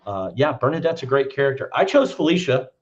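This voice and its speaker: A podcast co-host rambles loosely through a film discussion, swearing freely and casually, his middle-pitched voice fairly quick with lively intonation. The audio is slightly dull and lo-fi.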